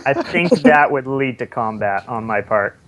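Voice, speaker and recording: A man's voice: medium pitch, lively intonation, moderate pace. A man playing a knight in a tabletop game, speaking earnestly and formally in character. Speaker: player.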